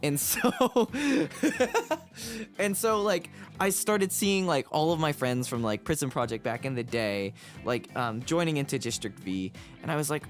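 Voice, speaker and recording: A man's voice: fairly high pitch, lively intonation, unhurried, faint music behind. A young American man streaming, rambling and chatty, laughing often as he talks. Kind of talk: casual livestream chat.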